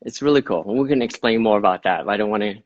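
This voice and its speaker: A man's voice: fairly low pitch, lively intonation, very fast, lo-fi sound. A man chatting as an interview guest on a live video call, rambling and laughing often as he trails off. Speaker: global creative director, interview guest.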